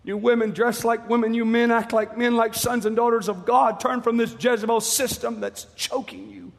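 A man preaching a fiery sermon, impassioned and pleading, rising at times to shouts. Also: very high voice, steady tone, moderate pace, gravelly, long reverb tail.

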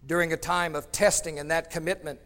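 A man preaching a storytelling sermon, swinging between loud emphatic bursts and hushed tones. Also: fairly high pitch, fairly even intonation, a little fast, long reverb tail.

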